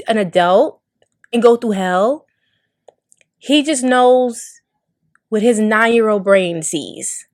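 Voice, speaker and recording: A woman's voice: fairly high pitch, lively intonation, takes it slowly, pauses often. A young adult woman hosting a podcast, talking candidly and emotionally with blunt language and frequent swearing. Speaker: podcast host. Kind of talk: candid monologue.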